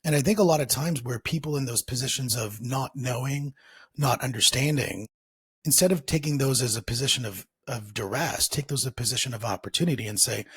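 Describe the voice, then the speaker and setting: Male podcast host, very husky voice, dry close sound, emphatic and motivational. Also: mid-range voice, fairly quick, fairly bright tone, no room sound.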